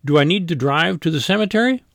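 Man reading as a raspy polka band front man. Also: on the high side, expressive, quick pace, fairly bright tone, dry recording, studio quality, pitched above the performer's own voice. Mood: wry. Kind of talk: audiobook character voice.

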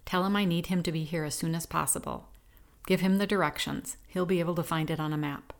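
A woman's voice: on the low side, steady tone, fast talker, vocal fry. A woman voicing a determined woman rescuer in an audiobook, speaking firmly and reassuringly. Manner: firm, reassuring.

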